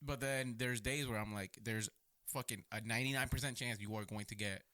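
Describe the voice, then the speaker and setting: A man's voice: medium pitch, steady tone, a little fast, bright, forceful tone. A man, a police officer and podcast co-host, talking profanely and laughing easily in casual chat.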